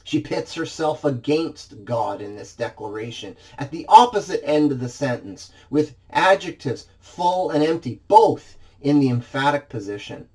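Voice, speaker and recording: A man's voice: medium pitch, animated, measured pace, few pauses, darkish tone. A man preaching a sermon in church, reading scripture expressively and dramatizing the quoted lines.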